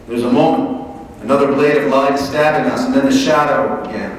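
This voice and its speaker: A male author reading a passage of his novel aloud in a measured, steady voice at a library event. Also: medium pitch, a little hiss or hum. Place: large library event hall. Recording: echoey hall, mic from far off.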